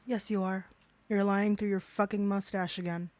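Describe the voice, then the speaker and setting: A woman's voice: medium pitch, flat delivery, moderate pace, darkish tone, slight background noise. A woman giving a profane reaction commentary, ranting angrily and swearing heavily. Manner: angry, ranting, heavy swearing.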